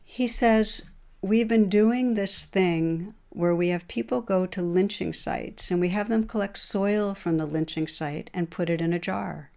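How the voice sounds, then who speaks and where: A middle-aged woman with a medium-pitched, gravelly voice gives a dharma talk as a meditation teacher. She retells a story in a calm, measured way.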